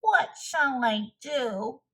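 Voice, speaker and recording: A woman voicing an impatient male toad in a storybook read-aloud, loud and fretful. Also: sits high, animated, takes it slowly, voice pushed up, exaggerated voice. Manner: loud, shouting.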